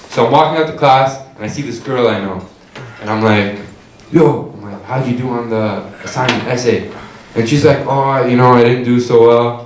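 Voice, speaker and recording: A young man telling a profane, animated stand-up story on a comedy club stage. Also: medium pitch, recorded from a distance. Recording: echoey club with crowd laughter. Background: audience laughter.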